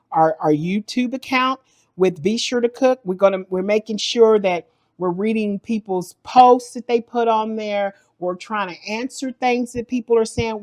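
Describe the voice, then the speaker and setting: A middle-aged woman, host of a cooking channel, tells in a lively vlog how her account got hacked, acting out the panic. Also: medium pitch. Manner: animated, acts out the panic in her story. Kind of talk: storytelling vlog.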